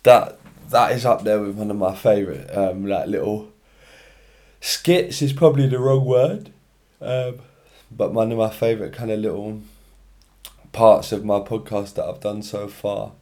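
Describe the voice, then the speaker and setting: A tired young man, yawning, hosts his own solo podcast from his room on his own podcast mic, chatting in a rambling, slangy way. His voice is fairly low and mellow, with fairly even intonation and a measured pace.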